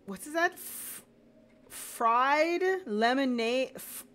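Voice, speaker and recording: A woman's voice: high-pitched, expressive, slow, fairly bright tone. A woman streaming a game live, reading lines aloud and chatting in an amused, questioning way.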